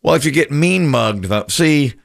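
A man's voice: a little high, expressive, moderate pace, vocal fry, no room sound, clean studio sound. A man hosting a casual radio chat, telling stories and giving opinions in a chatty way. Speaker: radio show host.

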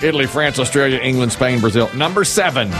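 A man hosting a survey game show, teasing the players and lively. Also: medium pitch, fast, over loud music.

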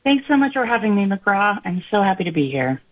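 A woman's voice: medium pitch, big pitch swings, fairly quick. Upbeat lady guest calling in, tinny phone sound. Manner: cheerful, upbeat. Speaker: radio interview guest, nonprofit director. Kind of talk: radio interview.

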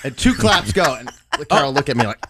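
A man's voice: mid-range voice, sing-song, a little fast. A man co-hosting morning radio, telling a funny story and reading traffic casually.

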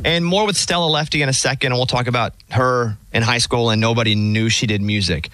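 A man hosting a radio show, asking brisk questions and introducing the next song. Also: medium pitch, pushed and bright, no room sound, studio quality. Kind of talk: radio interview.

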